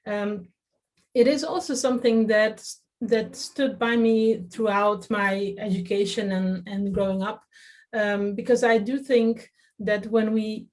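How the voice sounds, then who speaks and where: Woman from the netherlands, 30s, interview chat, lots of ums and restarts, mid pitch. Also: darkish tone. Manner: hesitant, many fillers and restarts. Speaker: festival artistic director. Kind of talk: interview, reflective talk.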